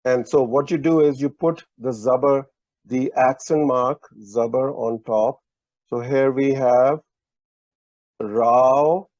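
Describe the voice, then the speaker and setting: A man's voice: mid-range voice, darkish tone, no echo, lo-fi sound. A man teaching a language lesson over a video call, explaining letters patiently and methodically. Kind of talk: online lesson explaining script.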